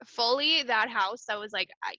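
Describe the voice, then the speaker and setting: A woman co-hosting a podcast, recapping a TV episode in animated casual chat full of "like". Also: a little high, moderate pace, no room sound, highs cut off. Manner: animated, gushing, lots of "like". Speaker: podcast co-host.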